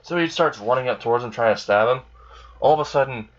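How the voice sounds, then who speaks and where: A man's voice: mid-range voice, quick pace, muffled recording. A man casually narrating an improvised fan story, rambling and filling gaps with "like" and "you know".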